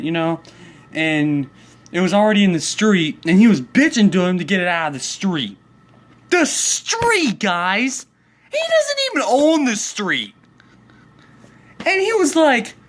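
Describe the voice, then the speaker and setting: A man telling a story in a comedic angry rant, profane and worked up, rambling along with restarts. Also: on the high side. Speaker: vlogger.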